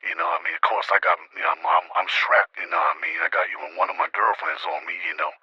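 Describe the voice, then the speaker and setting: A man's voice: low-pitched, level tone, fast talker, slightly rough, dry recording. A man telling a rambling street story over a phone call, cursing freely and saying "you know what I mean" all the time. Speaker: storyteller calling in to a series. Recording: dull lo-fi phone line.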